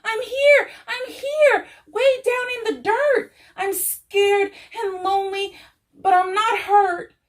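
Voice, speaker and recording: A woman voicing a small, frightened seed as a child-like boy, pleading in a high, tearful voice in a storybook tale. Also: slow, mellow. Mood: scared calling.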